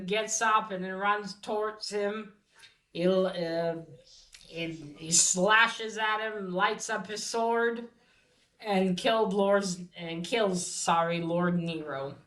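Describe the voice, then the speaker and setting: Woman, casual recap host, slow and halting with lots of fillers, roomy echo on the track. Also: medium pitch. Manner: hesitant, many fillers and restarts. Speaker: podcast host recapping a comic. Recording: echoey room.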